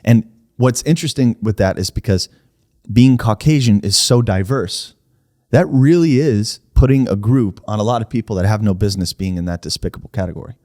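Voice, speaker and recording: A man co-hosting a casual podcast, arguing his points with emphasis and pushing back hard. His voice sits a little low. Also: brisk, mellow. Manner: argumentative, emphatic, pushes back. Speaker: podcast co-host. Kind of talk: casual debate chat.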